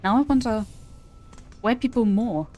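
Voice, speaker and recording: A woman's voice: a little high, unhurried, a little mellow, soft background music. A woman chatting casually with her viewers while playing a game, laughing often. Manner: chatty, giggly, talks to chat. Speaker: streamer. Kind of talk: casual gameplay livestream.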